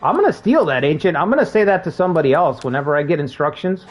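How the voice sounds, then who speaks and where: Fast-talking and lively, a man with a fairly high voice streams a game as soft music plays. He's relaxed, spinning work tales, swearing without restraint and laughing at the jokes.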